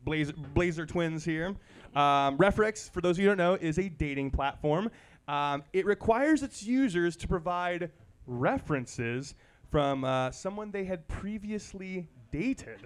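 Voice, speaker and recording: A man's voice: on the high side, expressive, measured pace, clear, resonant tone. A man hosting a live comedy quiz show, playful and a little rambling as he loses track. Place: live event venue.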